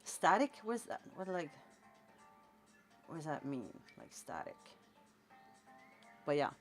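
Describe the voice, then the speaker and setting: A woman's voice: deep voice, animated, moderate pace, soft background music. A Scandinavian woman in her forties, a tattoo artist chatting with viewers on a late-night live stream while painting at home. She rambles and encourages, with lots of "like.". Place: at home in a cold room, painting.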